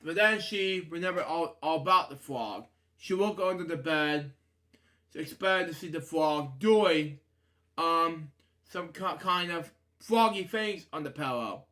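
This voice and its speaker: A man reads a children's storybook aloud in a bright, somewhat high voice. He stumbles and restarts often and wanders off into rambling side comments. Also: a little slow.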